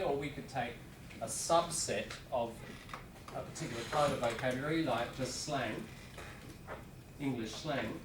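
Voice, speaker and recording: A man's voice: mid-range voice, background noise. A man teaching a class in a casual, rambling lecture with asides to students. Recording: roomy classroom, voice from a distance.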